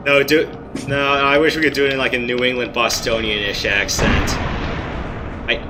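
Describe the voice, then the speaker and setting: A man's voice: mid-range voice, normal speed. A man co-hosting a livestream, chatting casually about a game in a rambling way. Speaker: livestream co-host. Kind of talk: casual chat while playing a game. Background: game music.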